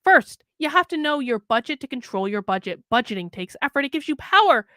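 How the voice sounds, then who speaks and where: A woman's voice: high-pitched, very animated, brisk, fairly bright tone, dry recording, clean studio sound. A woman hosting a news commentary show, reading an article aloud and mocking it sarcastically.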